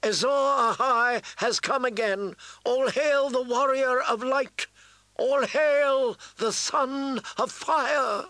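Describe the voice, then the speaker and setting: Brief: male reader doing a zealous priestess in a storybook reading, high and slow, chanting, dry close sound. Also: sharp tone, no room sound, exaggerated voice. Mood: ecstatic invocation. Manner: chanting, incantatory. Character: fervent female red priestess, commanding.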